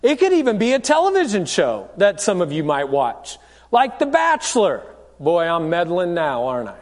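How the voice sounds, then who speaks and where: A pastor preaching a sermon, telling a story with jokes and speaking straight to the congregation. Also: male voice, high voice, huge pitch swings, moderate pace, big-room sound. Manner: storytelling, joking, direct to the congregation. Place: church.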